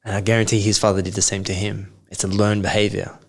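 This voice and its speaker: A man with a fairly low voice speaks in a reflective coaching conversation. He asks probing questions and then lays out his points in a calm, explaining way. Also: fast talker, creaky. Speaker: coach, podcast guest.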